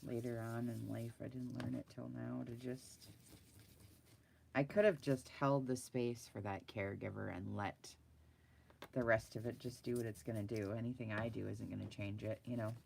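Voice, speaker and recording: A middle-aged woman talks bluntly and animatedly to live viewers from her desk while she draws. Her voice sits very low and gravelly. A faint hiss sits under her talk, along with pen clicks and scribbling. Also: normal speed. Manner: chatty, blunt, animated, laughs often. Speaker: vlogger chatting with live viewers. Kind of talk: casual chat while drawing. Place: at a desk indoors.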